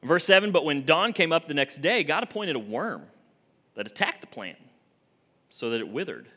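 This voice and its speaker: A young adult man, an associate minister, preaching a sermon with expressive swings from emphatic to hushed. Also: on the high side, normal speed.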